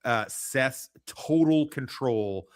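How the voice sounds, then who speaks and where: An American man hosting a podcast, chatting casually in a loud, profane, joking way about movies. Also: mid-range voice, slow, clean tone. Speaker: podcast host. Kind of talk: casual chat.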